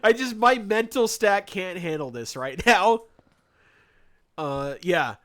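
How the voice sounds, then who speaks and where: A male streamer chats casually while playing, his stories animated and sarcastic. His voice is bright and forward, pitched a little high. Laughter often breaks into his talk. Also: slow pace.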